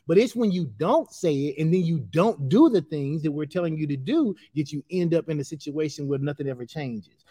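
A man's voice: a little high, expressive, moderate pace, hardly any pauses, dark tone. A man co-pastoring a live-streamed sermon, encouraging and chiming in with amens. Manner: encouraging, chimes in with amens and laughs.

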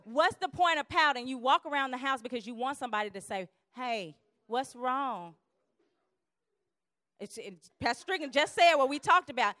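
Lively woman teaching to a church group. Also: high-pitched, no echo. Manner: lively, acts out quarrels in quick voices. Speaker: speaker teaching on conflict.

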